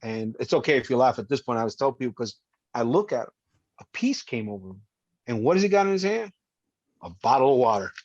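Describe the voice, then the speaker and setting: A man's voice: medium pitch, lively intonation, quick pace, dry recording. A man as a podcast guest, telling his survival story emphatically, acting out what people said and cursing now and then. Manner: emphatic, vivid, reenacts voices, swears. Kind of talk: emotional first-person storytelling. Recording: dry, slightly dull podcast audio.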